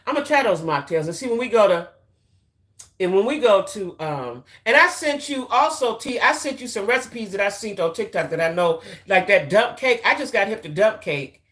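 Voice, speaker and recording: Speaking at a moderate pace with an animated, fairly bright tone, a deep-voiced middle-aged woman hosts a casual, loose live-stream chat for her YouTube channel. She's chatty, repeats herself, and calls everyone y'all.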